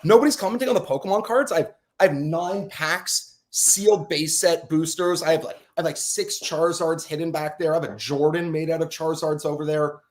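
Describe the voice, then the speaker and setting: Man talking up his game studio. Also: a little high. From Canada. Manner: animated, quick to laugh, boastful. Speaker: game studio founder, guest. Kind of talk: casual podcast interview.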